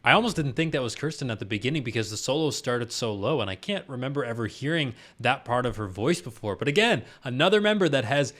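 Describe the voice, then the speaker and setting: A man's voice: medium pitch, lively intonation, quick pace, few pauses, a bit bright, faint music behind. A man with a mid-range voice speaks as a vocal coach reacting to a performance. He explains singing technique in an analytical, casual way. Now and then he breaks into enthusiastic exclamations.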